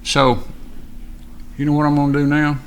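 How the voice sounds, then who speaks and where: A man's voice: on the high side, completely flat delivery, normal speed, slight background noise. Rambling male live-stream host. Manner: rambling, reads viewer chat aloud, talks to someone off-mic; gets fired up and ranting. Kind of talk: casual live-stream chat.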